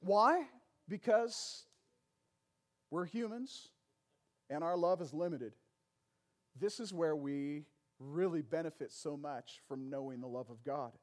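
A man preaching a sermon in a conversational way, often calling for an "amen" from the congregation and rising to loud emphatic peaks on key lines. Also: high-pitched. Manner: conversational preaching with frequent call-and-response "amen" and "right". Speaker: pastor.

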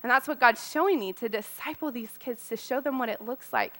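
Mom in her 30s preaching to other moms, kinda high bright voice, chatty and earnest, laughs a lot. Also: a little fast. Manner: earnest and personal, laughs often. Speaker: speaker to mothers. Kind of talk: conversational sermon.

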